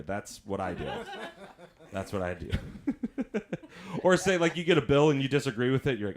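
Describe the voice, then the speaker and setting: A man's voice: mid-range voice, expressive, normal speed, pauses often. A man doing stand-up comedy, telling chatty stories, laughing at his own jokes and acting out voices.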